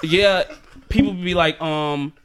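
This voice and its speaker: A young man on a podcast telling a story in a casual, animated way, swearing and acting out both sides of the conversation. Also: a little high, takes it slowly, slight background noise. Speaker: podcast co-host.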